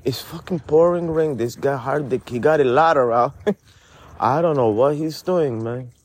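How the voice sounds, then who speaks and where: A man's voice: mid-range voice, a little slow, lightly acted. A man playing a pushy, rambling DJ with a Spanish accent, who teases his friend and ends every phrase with "man" in an improvised comedy podcast sketch. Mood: teasing. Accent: Spanish-accented English. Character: brash, pushy male DJ who says "man" constantly.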